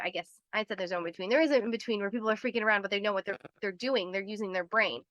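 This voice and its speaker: A woman's voice: a little high, a bit bright, no room sound. A woman hosting a live health webinar, explaining in a chatty way, laughing often and acting out little voices as she goes.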